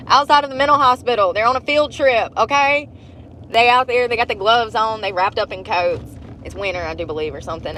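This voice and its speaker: A woman's voice: fairly low pitch, a bit bright, a little hiss or hum, poor audio. A woman chatting bluntly on a livestream, laughing often and acting out quotes from a movie. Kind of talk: casual chat.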